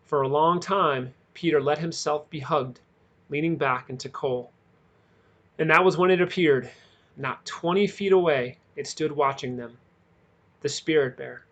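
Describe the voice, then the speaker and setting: A man reads a novel aloud in a measured way, leaning into the dramatic moments. His voice sits a little above the usual pitch for a man, and he keeps a steady storytelling pace. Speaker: audiobook reader.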